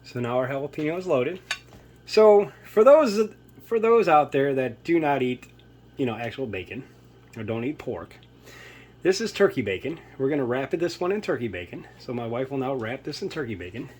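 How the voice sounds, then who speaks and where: A man's voice: mid-range voice, lively intonation, normal speed, darkish tone, a little hiss or hum. A man hosting a casual home cooking demonstration in his kitchen, rambling and chatty and poking fun at himself. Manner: rambling, chatty, self-mocking. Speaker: cooking video host.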